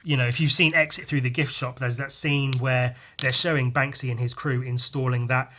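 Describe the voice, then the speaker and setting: A man's voice: medium pitch, fairly even intonation, normal speed, bright, forceful tone, slight background noise. A man hosting a podcast, talking in a blunt, sweary, rambling way with many restarts. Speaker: podcast host. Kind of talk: casual opinionated monologue.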